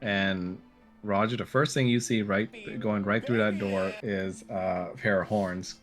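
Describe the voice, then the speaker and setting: A man narrating as game master in a relaxed, hesitant way, laughing often. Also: on the low side, measured pace, faint music behind.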